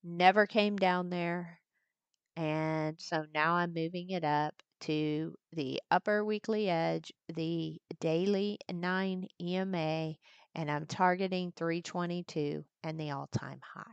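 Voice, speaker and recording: Low, gravelly-voiced woman trading host. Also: fairly even intonation, takes it slowly, dry recording, highs cut off. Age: older. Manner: chatty, breaks off to talk with her granddaughter. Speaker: trading educator hosting a live stream. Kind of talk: casual live market walkthrough. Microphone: desktop mic at a computer, screen sharing.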